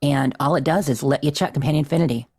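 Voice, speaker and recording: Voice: mid-range voice, quick pace, a little mellow. A chatty podcast co-host recapping a game session with a medium voice. The delivery is self-deprecating and easygoing, and laughs come often. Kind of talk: casual chat recapping a game playthrough.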